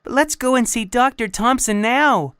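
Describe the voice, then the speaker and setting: A woman's voice: a little high, moderate pace, fairly bright tone, smooth, no echo, studio quality. A woman reading a child's lines in a scripted practice dialogue, plain and careful.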